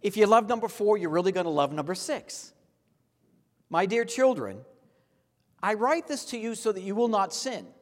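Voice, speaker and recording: A man's voice: high-pitched, sing-song, normal speed, long pauses. A man preaching a sermon as a pastor, earnest and leading the congregation in call-and-response. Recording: long hall reverb.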